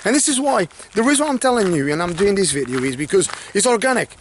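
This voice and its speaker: A man coaching in a blunt, animated motivational talk to camera, swearing freely and acting out people's worried thoughts. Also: high-pitched, quick pace, a little hiss or hum. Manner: mimics others' worried thoughts in asides. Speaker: life coach.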